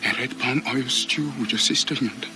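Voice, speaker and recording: An actor playing a desperate grown father who pleads with his lost son, his voice rising to shouts and dropping to a whisper. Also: medium pitch, brisk, over music, close to an everyday voice. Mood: desperate pleading. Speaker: film character.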